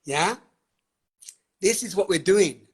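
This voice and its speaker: A man with a high, husky voice and lively intonation speaks slowly while hosting a live online session. He talks with fiery, emphatic passion, laughing often and swearing freely, and the audio comes through a webcam or phone on the live stream.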